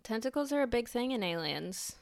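A woman co-hosting a casual film podcast, telling stories in an animated way with lots of asides. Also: fairly high pitch, a little fast, gravelly. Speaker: podcast co-host. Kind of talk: casual chat about films.

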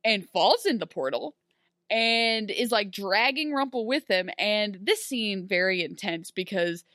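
A woman co-hosting a casual podcast, recapping a TV episode and acting out the characters' lines in quick animated bursts. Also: mid-range voice, dry recording, studio quality. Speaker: podcast co-host. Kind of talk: casual recap chat about a TV show.

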